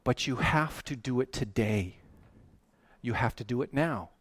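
A man preaching a sermon, animated and emphatic, often rising to loud, excited peaks. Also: medium pitch, a little slow, dry recording. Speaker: pastor.

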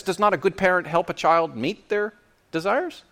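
A man preaching a sermon in an animated, playful way, acting out little scenes and quotes. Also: high voice, moderate pace.

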